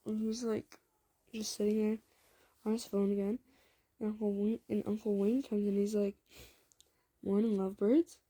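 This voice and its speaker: A woman's voice: mid-range voice, little pitch movement, normal speed, pauses often, dark tone. A woman improvising a fan-fiction story, rambling casually with many asides and fillers. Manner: rambling, lots of "like", self-commenting.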